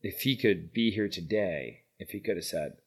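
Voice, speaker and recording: Speaking at normal speed in a husky, deep voice, the middle-aged founder of a veterans' horse program tells a casual story as an interview guest. His telling wanders and leans on fillers, and his loudness rises and drops between animated and quiet.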